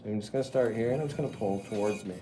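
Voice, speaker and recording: A man's voice: on the low side, rapid-fire. Middle-aged guy walking a class thru throwing bowls, chatty, noisy studio. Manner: chatty, talks students through each step. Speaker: pottery teacher. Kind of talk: live wheel-throwing demonstration.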